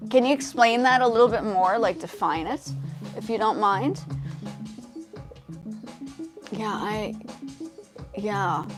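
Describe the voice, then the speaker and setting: Hosting a casual livestream, a young music composer with a light South African accent and a fairly high voice answers viewers in a hesitant, friendly way, often restarting sentences. She's half South African, now living in the States, and her music plays faintly behind her.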